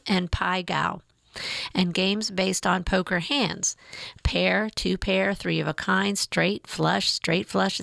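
A woman reading a news feature aloud in a measured, even way. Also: medium pitch, gravelly, no room sound. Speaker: narrator.

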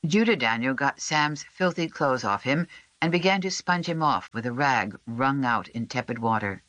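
Audiobook narrator, even measured delivery, dry studio sound. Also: medium pitch, dry recording, lo-fi sound. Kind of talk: scripted narration.

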